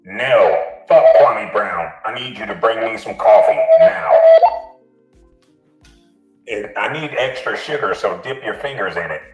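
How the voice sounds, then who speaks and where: A man's voice: lowish voice, lively intonation, measured pace, reverberant, dull audio, faint music behind. A man putting on the voice of a bossy older man who curtly demands coffee and dismisses others.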